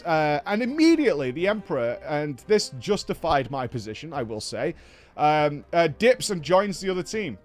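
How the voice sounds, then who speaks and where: A man talks through a game recap as host, his voice sitting slightly high and swinging widely in pitch. He tells it as a lively story, slipping into other voices for quoted lines, with faint music playing behind him. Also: normal speed. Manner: animated storyteller who acts out quoted lines.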